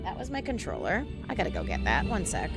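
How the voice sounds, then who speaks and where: A woman's voice: medium pitch, huge pitch swings, fast talker. A woman live-streaming a video game, chatting casually and talking to her pet as she plays, with faint game music underneath.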